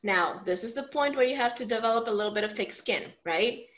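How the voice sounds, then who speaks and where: Animated woman coaching on family talks. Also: a little high, fairly quick, low-quality recording. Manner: animated, acts out example lines, frequent "right?" check-ins. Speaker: communication coach. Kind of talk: teaching a workshop talk.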